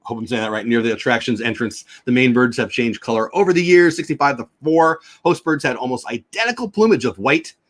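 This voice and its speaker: A man's voice: medium pitch, a little fast, few pauses. A man hosting a casual livestream, chatting with viewers and reading aloud with stumbles and rambling asides. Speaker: livestream host.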